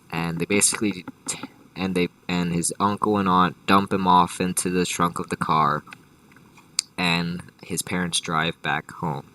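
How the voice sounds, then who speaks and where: A deep-voiced man spins an improvised comedy story, rambling and swearing, with constant restarts and tangents. His voice is forceful, and he sits a bit back from the mic in a dry room. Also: level tone, measured pace, no echo, distant mic, low-quality recording. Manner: rambling and profane, many restarts and asides. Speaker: storyteller host.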